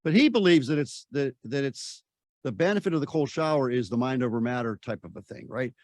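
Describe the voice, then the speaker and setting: A man's voice: medium pitch, animated, a little fast, a little mellow, no echo, studio quality. An older man, a personal development mentor, talking in a casual interview. He is emphatic, repeats himself and acts out voices as he tells stories.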